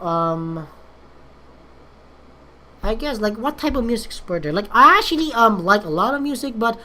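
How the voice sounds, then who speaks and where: A young woman rambles candidly in a casual vlog. Her voice is bright and forward, and her pitch sits in an ordinary middle range. She stalls often on "um" and restarts her sentences as she searches for words. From Philippines. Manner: hesitant, many fillers and restarts, candid. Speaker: vlogger.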